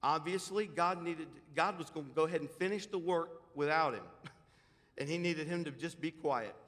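A man preaching a sermon, exhorting emphatically and swinging from loud declarations to hushed asides. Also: high voice, normal speed. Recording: long hall reverb.

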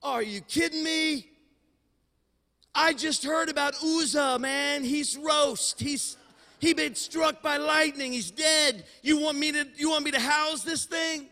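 Man putting on a shrill, panicky homeowner. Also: slow, exaggerated voice. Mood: alarmed. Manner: incredulous, high and excited. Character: startled middle-aged man, nervous homeowner. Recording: long hall reverb in a sanctuary.

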